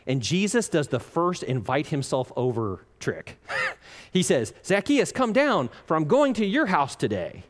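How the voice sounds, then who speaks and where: A man preaching a sermon as a pastor, animated and jokey, laughing often and acting out the lines he quotes. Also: fairly high pitch, a little slow. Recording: long reverb of a large hall.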